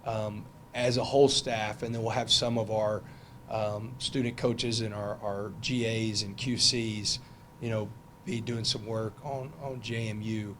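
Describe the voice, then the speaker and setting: Chatty football coach, middle-aged. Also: male voice, fairly low pitch, fairly even intonation, measured pace, fairly bright tone, a little hiss or hum. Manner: loose, conversational, many fillers and restarts. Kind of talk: press conference answers.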